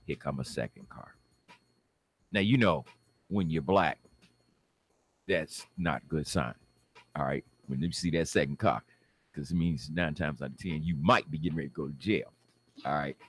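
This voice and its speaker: A man from the Detroit area telling a personal story in a casual, animated way and acting out the people in it. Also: very deep voice, moderate pace, pauses often, husky. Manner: animated, acts out the people in his story, laughs.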